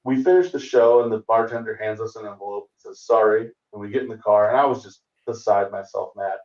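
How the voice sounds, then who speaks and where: A man's voice: on the low side, fast talker. A man in his forties tells a road story with easy timing, acting out the people in it. He sits in an echoey room at some distance from a dull-sounding mic on a video call. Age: 40s. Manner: animated, acts out other people's lines. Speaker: comedian guest. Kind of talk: storytelling anecdote in casual chat. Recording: roomy, distant, dull remote call audio.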